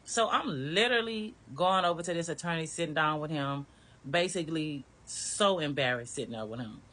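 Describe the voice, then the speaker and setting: A woman's voice: deep voice, lively intonation, moderate pace, fairly bright tone. A woman candidly telling her own story in a casual, blunt way, with some swearing. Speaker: storyteller recounting her marriage.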